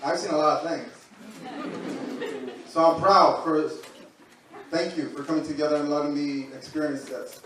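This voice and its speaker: A man's voice: on the high side, fairly even intonation, normal speed, pauses often, a loud crowd, heavy background noise. A man, a school counselor, giving an earnest, supportive public comment at a school meeting. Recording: very echoey room, distant mic.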